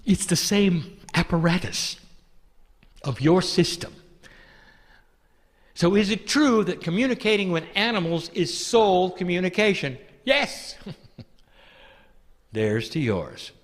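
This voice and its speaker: Male channeler, gentle and intimate, higher voice with wide swings, recorded in a big reverberant hall. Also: sing-song, slow, pauses often. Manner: gentle, affectionate, addresses listeners as "dear one". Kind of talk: channeled spiritual talk to an audience.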